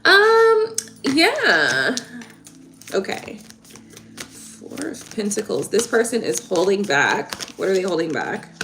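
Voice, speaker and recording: A woman's voice: on the low side, expressive, unhurried, creaky, slight background noise. A young woman giving tarot readings on a live stream, chatting casually and emotionally with viewers.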